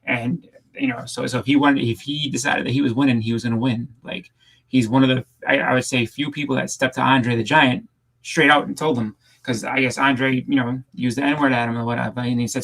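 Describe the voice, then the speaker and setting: A man with a gravelly, creaky voice chats on a livestream panel at a middling pitch. He rambles through anecdotes, stumbling over restarts and fillers as he goes. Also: fairly even intonation, fairly quick, a bit bright, poor audio. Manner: rambling storyteller with many restarts. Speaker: panel co-host. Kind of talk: casual livestream chat. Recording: home setup over a livestream.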